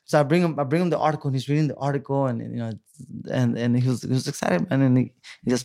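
A man's voice: medium pitch, steady tone, racing, creaky, mellow. A man in his thirties from California, a guest telling his story casually in an interview, rambling with many restarts and fillers.

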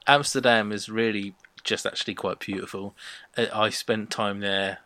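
A man co-hosts a podcast, chatting bluntly and with strong opinions as he reviews a sitcom. His voice is lowish and steady with a sharp edge, the pace is moderate, and there's no echo.

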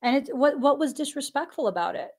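A woman hosting a spiritual podcast, talking earnestly and candidly with thoughtful pauses. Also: high voice, animated. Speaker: podcast host. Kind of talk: reflective spiritual podcast talk.

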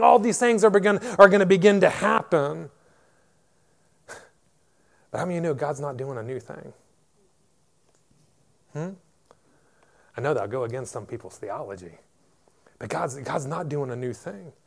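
A male pastor in full sermon, his fairly high voice climbing into loud emphatic declarations before dropping back to a quieter teaching tone. He repeats words as he builds momentum, calling out to the congregation. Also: moderate pace, gravelly, pauses often.

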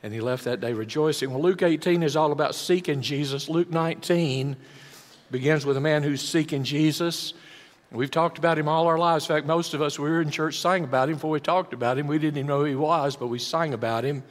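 A man's voice: fairly high pitch, fairly quick, in a large hall. A man preaching a sermon, dramatic, with big shifts in volume for emphasis. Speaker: pastor.

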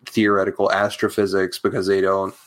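A man's voice: low voice, completely flat delivery, a little fast. A man, a comedian guest, chatting casually in a loose, laid-back way, full of fillers. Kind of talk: casual chat.

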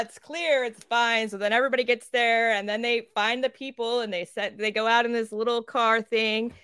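A woman co-hosting a casual podcast. She rants in a lively way, swears freely and acts out quoted characters. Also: a little high, smooth, no echo, clean studio sound. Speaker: podcast co-host.

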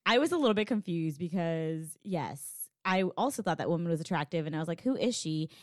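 A woman's voice: lowish voice, animated, fairly quick, a little mellow, dry recording. Woman chatting about a movie, blunt, curses a lot, dry close sound. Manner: frank, swears, laughs easily. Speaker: co-host. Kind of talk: casual movie recap chat.

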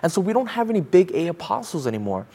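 A man's voice: high-pitched, big pitch swings, fast, warm tone, husky. A man preaching a sermon as pastor, emphatic, repeating phrases and asking the congregation pointed rhetorical questions.

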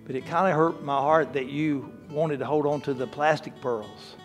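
A tender, quiet father, as a preacher acts him out in a story, speaking low and gently to his daughter. his voice sits a little high for a man, with faint guitar in the background. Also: fairly even intonation, moderate pace, natural voice.

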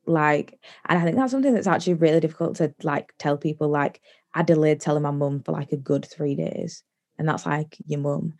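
A woman's voice: low-pitched, darkish tone. A young woman casually telling a personal story on a podcast, chatty with lots of "like" fillers. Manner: chatty, many likes, quick bursts of laughter-ready storytelling. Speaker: podcast guest.

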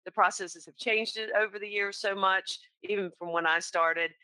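This Southern-accented North Carolina claims professional in her forties speaks at normal speed with a medium-pitched, steady, sharp-toned voice. The recording has no echo but is low quality, and she tells chatty stories about her work, laughing often.

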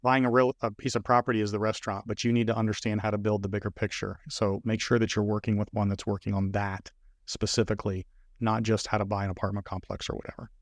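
A middle-aged man, a business consultant guest, telling a story in a lively conversational way. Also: fairly low pitch, quick pace, dry recording, studio quality. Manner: animated storyteller, voices others in quotes.

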